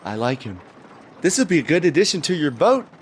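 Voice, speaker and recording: A man's voice: on the high side, big pitch swings, fairly quick, slight background noise. A man player in a tabletop game who jokes and sounds exasperated. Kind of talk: tabletop role-play chat.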